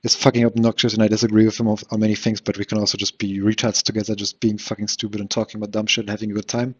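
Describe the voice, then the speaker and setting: A man's voice: lowish voice, a little mellow. A man hosting a solo podcast, rambling through a frustrated, self-questioning monologue full of restarts and short laughs. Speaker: podcast host. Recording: dull lo-fi recording.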